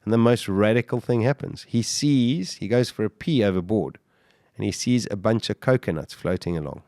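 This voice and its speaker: A man, a podcast guest, telling his survival story in an animated way, full of restarts and repeated words. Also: fairly low pitch, moderate pace, no room sound, clean studio sound. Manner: vivid, animated retelling with restarts. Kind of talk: interview storytelling.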